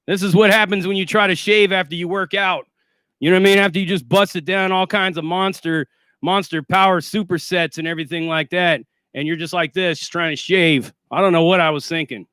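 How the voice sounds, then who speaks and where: Guy ranting on his live stream, high crisp voice, swearing a lot, kinda out of breath. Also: fairly even intonation, a little fast, pushed and bright, dry recording, studio quality. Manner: profane, sarcastic and boastful. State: shaky and winded after a workout. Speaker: livestream host. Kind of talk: casual livestream rant.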